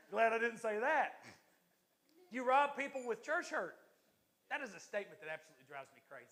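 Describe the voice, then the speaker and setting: A man, an assistant pastor, preaching a lively, joking sermon to his church congregation. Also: very high-pitched, fairly quick, pauses often.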